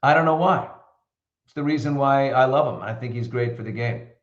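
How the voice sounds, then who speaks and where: A middle-aged man hosting a casual live show, telling stories in an animated, opinionated way. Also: mid-range voice, a little fast, reverberant, lo-fi sound. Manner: chatty storyteller, animated and opinionated. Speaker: host. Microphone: computer mic.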